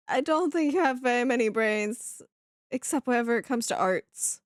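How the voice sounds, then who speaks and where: A woman streamer giving animated, teasing commentary while playing a game, laughing often. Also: fairly high pitch, normal speed, clear, resonant tone, no echo, studio quality.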